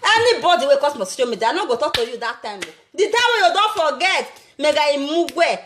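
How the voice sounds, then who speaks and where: A woman's voice: sits high, big pitch swings, a little fast, fairly bright tone, slight background noise. A Nigerian woman speaking Pidgin, taunting someone in a rant to camera, with cackling laughter and sing-song jeers. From Edo State, Nigeria. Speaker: social media vlogger.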